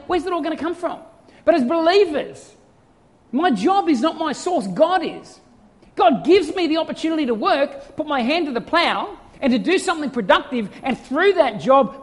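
A pastor preaching a sermon in an animated way, full of rhetorical questions and acted-out quotes. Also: high voice. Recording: reverberant church hall sound.

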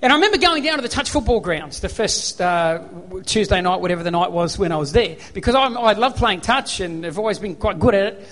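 A man's voice: high-pitched, lively intonation, fairly quick, hardly any pauses, fairly bright tone, long reverb tail. An Australian man preaching a sermon, telling personal stories and acting out remembered dialogue. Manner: storytelling, acts out remembered dialogue.

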